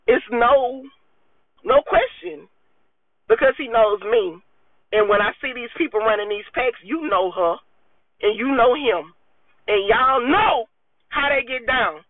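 High-voiced woman preaching into a phone. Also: animated, measured pace, long pauses, dry recording. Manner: preachy, emphatic, with gospel exclamations. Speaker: vlogger. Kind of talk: impassioned spoken monologue. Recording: tinny phone-like dry sound.

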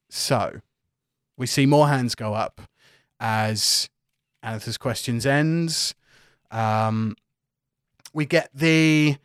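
A man narrating a tabletop game as game master in a relaxed, hesitant way. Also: medium pitch, clean tone, no room sound, studio quality.

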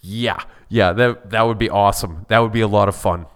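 A man's voice: fairly low pitch, steady tone, brisk, fairly bright tone, clear, resonant tone. A man co-hosting a podcast, chatting casually in a wry, bickering way with some swearing. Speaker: podcast co-host. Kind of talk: casual chat.

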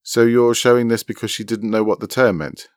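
A man reading aloud and voicing a skeptical, sharp-tongued woman. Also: medium pitch, fairly even intonation, a little fast, no echo, studio quality, pitched above the performer's own voice, natural voice.

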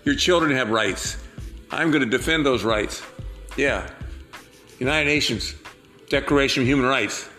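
A man's voice: medium pitch, normal speed, long pauses, sharp tone, soft background music. A man hosting a podcast, delivering a rambling, preachy monologue full of repetitions and jokes. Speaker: podcast host and political candidate.

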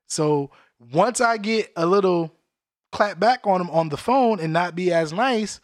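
A man co-hosting a casual chat, telling animated, profane, jokey stories. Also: sits high, a little slow, dry recording, studio quality. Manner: animated storytelling, jokey impressions; profane slang. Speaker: podcast co-host.

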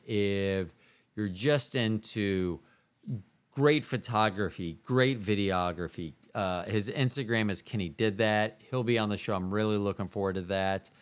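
Alone on his own podcast, a host with a smooth, lowish voice rambles through a casual monologue, mocking himself and wandering from aside to aside while switching between voices.

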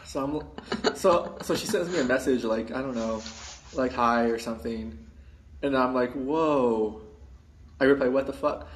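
A man telling a long story in casual chat, rambling with many restarts and putting on high voices for the people he quotes. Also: a little slow, long pauses, a little hiss or hum. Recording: roomy echo.

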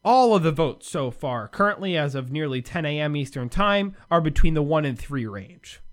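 A man's voice: on the high side, expressive, normal speed. A man hosting a solo sports commentary show from the United States, ranting sarcastically with big swings in his voice.

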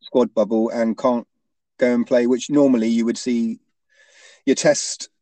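A man's voice: mid-range voice, flat delivery, a little slow, dark tone, no room sound. A man in a casual sports chat, hesitant, restarting often and ending points with tag questions.

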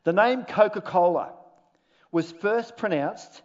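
A male pastor delivering a sermon in a church, his voice sitting high and carrying an animated, humorous preaching manner with deliberate pauses. The recording is dull and lo-fi. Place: church auditorium.

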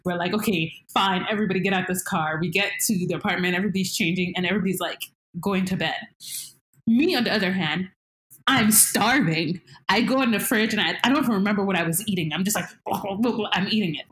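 A young woman telling a story in casual chat, animated, jumping into high squeals when she acts out her panic. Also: fast, echoey room.

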